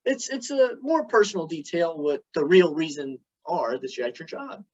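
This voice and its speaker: A man delivering a prepared club speech, telling stories with dramatic pauses. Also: fairly high pitch, lively intonation, slightly rough. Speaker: club speaker. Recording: dull lo-fi recording.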